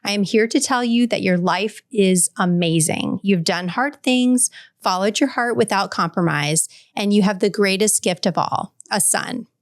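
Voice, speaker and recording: A woman's voice: medium pitch, moderate pace, no room sound. Earnest woman in her forties, dry sound. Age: 40s. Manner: earnest and heartfelt, speaking directly to the listener. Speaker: podcast host. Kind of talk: reading a personal letter aloud, then reflective solo talk.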